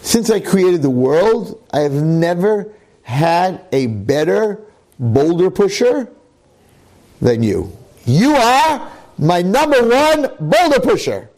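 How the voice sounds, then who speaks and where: A man's voice: high voice, sing-song, slow pace, a little mellow, pitched above the performer's own voice, exaggerated voice. A man voicing God, speaking in a reassuring, praising tone. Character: warm, encouraging God.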